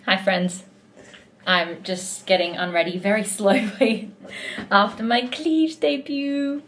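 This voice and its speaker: A woman's voice: medium pitch, slow, fairly bright tone, slight background noise. A young woman in casual vlog chat, talking in a gushing, heartfelt way as a musical theatre performer backstage.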